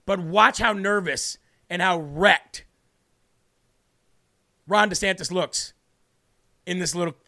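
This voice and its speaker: An American man hosting a live political commentary show, talking in an animated, mocking way with rhetorical questions. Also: sits high, takes it slowly, gravelly, long pauses.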